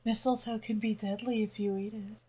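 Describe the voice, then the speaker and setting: A woman's voice: mid-range voice, flat delivery, a little fast, crowd noise, rough recording. A woman co-hosting a podcast in casual chat, dropping wisecracking one-liners. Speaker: podcast co-host.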